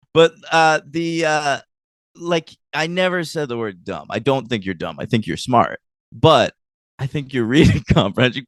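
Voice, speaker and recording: A man co-hosting a podcast, talking casually in a hesitant, halting way. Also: a little high, no room sound, clean studio sound. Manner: hesitant, halting with fillers and restarts. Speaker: podcast co-host. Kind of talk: casual chat.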